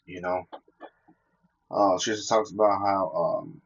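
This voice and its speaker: A man's voice: low voice, level tone, unhurried, dull audio, a little hiss or hum. A man talking casually and profanely, telling personal stories and quoting scripture, laughing between his points.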